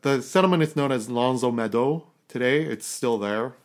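A Canadian man talks through history on a casual podcast, his voice sitting at an ordinary middle pitch. He rambles, restarts his sentences and chuckles at his own jokes as he goes. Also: moderate pace. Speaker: podcast host.

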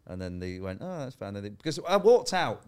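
A comedian chats on a podcast, his voice bouncing between high and low as he acts out people in his own stories. He swears freely, laughs through the tales and keeps a casual, pub-style rhythm. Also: sing-song, brisk, a little mellow, clear, resonant tone. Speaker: comedian guest. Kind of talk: casual podcast chat, telling stand-up stories.

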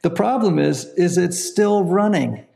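A man's voice: high-pitched, animated, measured pace, gravelly, dark tone. A man being interviewed as a counselor and author, explaining ideas earnestly and often checking in with "right?". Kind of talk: conversational interview.

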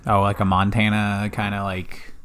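A young man from South Carolina co-hosting a casual podcast chat. His voice sits a little low, and he talks in a laid-back way with frequent laughs. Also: completely flat delivery, moderate pace, fairly bright tone, slight background noise. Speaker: podcast co-host.

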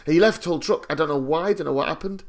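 Gravelly man telling rambling stories. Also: a little high, fast. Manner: rambling, self-deprecating storyteller with many restarts. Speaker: podcast co-host. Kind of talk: casual chat, anecdote.

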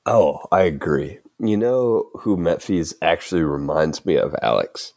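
Brief: male podcast host with a deep voice, easygoing and chuckly, dry booth sound. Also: animated, a little slow, creaky, a little mellow, no echo. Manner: laid-back, filler-heavy, chuckling. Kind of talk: casual podcast chat.

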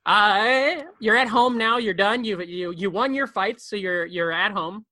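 Bright, rambling podcast guy. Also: sits high, no room sound. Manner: rambling, jokey, talks fast and repeats words. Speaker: podcast co-host. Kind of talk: casual chat. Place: bedroom at home.

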